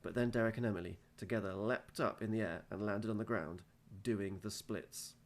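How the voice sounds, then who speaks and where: A male teacher reads a children's storybook aloud at an easy pace. His voice sits low, with a gravelly rasp. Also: steady tone, moderate pace.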